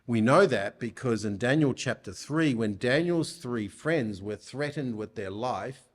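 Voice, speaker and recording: This is a man preaching a sermon in a church, taking his time over each phrase. He speaks at an unhurried pace, in a voice of middling pitch, and keeps asking his listeners rhetorical questions to press his points home. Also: animated.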